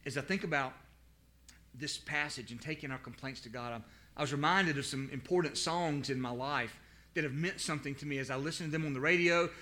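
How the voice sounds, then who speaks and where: A male pastor delivering a sermon in a high, bright, forceful voice. He moves from loud, pleading outbursts to hushed asides. He repeats words as he builds toward a point. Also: fairly quick. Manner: preaching with big swings from loud pleading to quiet asides.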